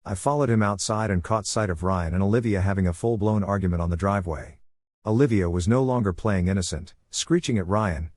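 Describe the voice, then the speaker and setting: Calm guy narrating a story, husky voice, low pitch, dry close sound. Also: a little fast, dry recording. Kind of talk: first-person story narration.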